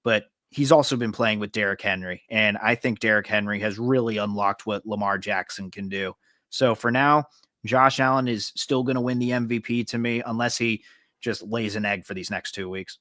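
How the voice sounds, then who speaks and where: A man hosting a casual sports podcast, talking in a relaxed, easygoing way. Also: fairly low pitch, normal speed, no echo, clean studio sound. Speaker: podcast host.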